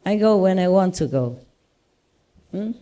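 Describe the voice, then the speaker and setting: A woman spiritual teacher with a Vietnamese accent speaks casually to her disciples. Her voice is warm and mellow, and she talks in a reassuring, animated storytelling manner, often laughing between her points. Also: lowish voice, a little slow.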